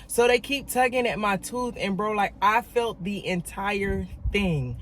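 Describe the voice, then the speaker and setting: A woman telling a story in a casual vlog, emphatic and animated, talking straight to her viewers and repeating words for emphasis. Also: medium pitch, measured pace, slight background noise. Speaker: vlogger.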